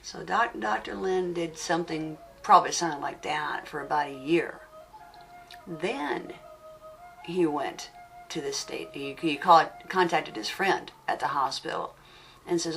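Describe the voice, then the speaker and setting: Low, slow-speaking woman teacher. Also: creaky, fairly bright tone. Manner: earnest storytelling, stressing and repeating key words. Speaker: spiritual teacher. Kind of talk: spoken teaching on an audio CD. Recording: distant mic with music underneath.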